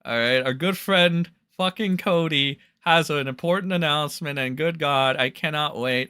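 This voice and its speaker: A man's voice: fairly high pitch, moderate pace, hardly any pauses, sharp tone, clean tone, dry recording, studio quality. A man hosting a livestream, mocking and ranting with constant swearing and lots of "like" and "all right". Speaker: livestream commentary host. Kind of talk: profane reaction commentary.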